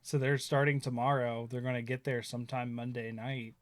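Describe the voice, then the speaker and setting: A man's voice: medium pitch, little pitch movement, brisk, a crowd in the background. A man in his thirties, chatting casually and telling rambling stories, often laughing and acting out quotes. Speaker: stream host. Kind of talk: casual chat.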